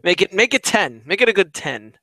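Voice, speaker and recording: A man's voice: high voice, big pitch swings, fairly quick, pushed and bright, no room sound. A man co-hosting a casual sports talk show, hesitant and questioning, often trailing off mid-thought. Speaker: sports podcast co-host.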